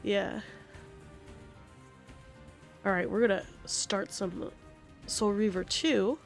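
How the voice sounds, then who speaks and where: A woman's voice: mid-range voice, slow pace, creaky, soft background music. A woman streaming a game, chatting casually in a rambling, profane and passionate way. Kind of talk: casual gaming stream chat.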